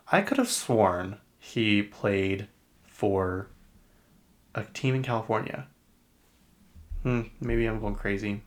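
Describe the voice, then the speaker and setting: A podcast host with a Utah accent rambles through casual pop-culture chat, chatty and full of fillers. His lowish voice is expressive and slow, broken by long pauses.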